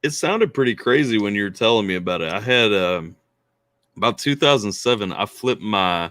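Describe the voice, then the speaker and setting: A man hosting a casual remote chat, talking in a rambling, animated way with lots of restarts. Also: on the low side, moderate pace, no room sound, studio quality. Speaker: podcast host.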